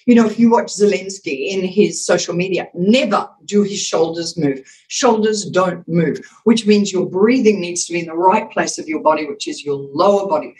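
A woman's voice: lowish voice, normal speed, hardly any pauses, darkish tone, low-quality recording. A woman, a communications expert, explaining with emphasis in a podcast interview and acting out voice examples as she talks. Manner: emphatic, demonstrative, acts out voice examples.

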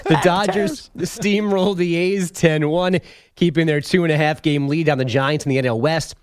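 A man reading sports headlines as a radio host, brisk and joking. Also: a little high, fairly even intonation, clear, resonant tone. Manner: brisk, joking newsreader delivery. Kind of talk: sports headlines read with banter.

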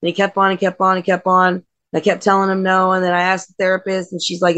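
A woman's voice: on the low side, fast talker, few pauses, no room sound. A middle-aged woman, a wrestler and guest, telling casual stories and acting out family dialogue. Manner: lively, acts out family dialogue. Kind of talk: casual storytelling interview.

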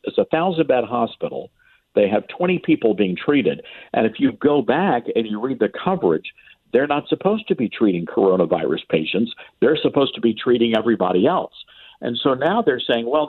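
A man from the American South calls into a radio show, spinning sarcastic stories with an animated, swinging delivery. His voice comes through a narrow, tinny phone line. There is a slight huskiness to it. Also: mid-range voice, fairly quick, husky. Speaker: radio commentator guest. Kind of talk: talk radio phone interview.

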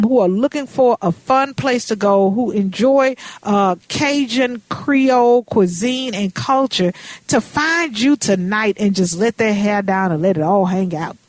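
A woman's voice: mid-range voice, no room sound. A woman hosting a radio talk show, chatting casually with folksy turns of phrase.

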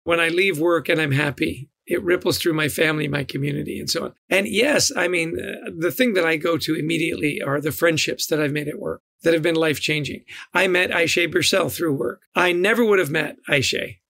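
Middle-aged guy on a podcast, excited, gravelly, high voice, keeps repeating himself. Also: fairly quick, hardly any pauses, no room sound. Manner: enthusiastic, storytelling, repeats words. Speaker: guest, leadership author. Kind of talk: podcast interview.

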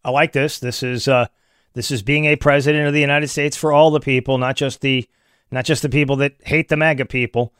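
A man giving opinionated political commentary in an animated way, with many restarts. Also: medium pitch, a little fast, smooth, dry recording, clean studio sound.

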